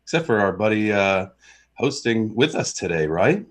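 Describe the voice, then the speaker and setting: A man's voice: on the low side, sing-song, moderate pace. Laid-back guy co-hosting a podcast, friendly, does the sponsor plug casual. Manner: easygoing, friendly, reads sponsor plugs casually. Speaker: podcast co-host.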